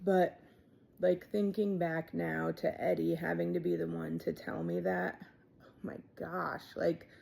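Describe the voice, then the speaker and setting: A woman in her thirties telling her own life story in a casual, halting way, with many fillers and quiet trailing asides. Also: on the low side, gravelly. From Ohio, USA.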